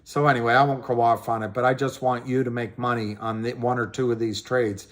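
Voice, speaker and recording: A man's voice: mid-range voice, flat delivery, fairly quick. A man hosting a casual livestream, rambling about money and greeting viewers by name, often trailing off and restarting. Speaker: livestream host.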